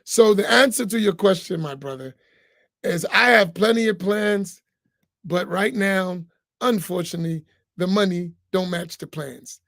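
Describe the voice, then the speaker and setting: An imam talks informally to his congregation. He jokes and acts out little voices in a high, gravelly tone. The sound is dry and close. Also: a little slow, no echo. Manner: animated, humorous, acts out voices, preachy asides. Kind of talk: informal reflection talk to a congregation.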